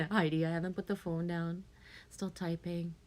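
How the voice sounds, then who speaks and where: A woman's voice: fairly low pitch, steady tone, moderate pace. Chatty woman reading live chat. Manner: chatty, laughs often, reads comments aloud. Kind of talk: casual live chat with viewers.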